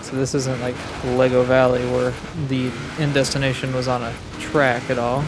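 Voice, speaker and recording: A man, the host of a gaming channel, giving relaxed gameplay commentary and thinking aloud as he plays. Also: mid-range voice, normal speed, background noise. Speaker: gaming YouTuber.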